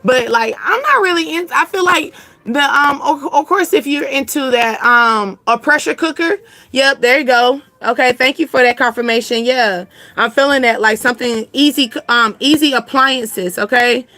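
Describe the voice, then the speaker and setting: High-voiced woman doing a live reading, bright and chatty, kinda rambly, dry close sound. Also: normal speed, no room sound. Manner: rambling, chatty, answers chat comments. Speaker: channel host giving intuitive readings. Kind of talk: casual live reading to chat.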